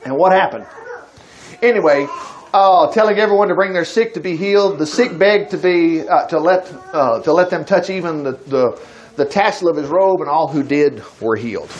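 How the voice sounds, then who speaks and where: A man's voice: on the high side, moderate pace, muffled recording, slight background noise. A man preaching a sermon, reading scripture and stopping to comment in a folksy, conversational way to his congregation. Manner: animated, breaks into acted quotes.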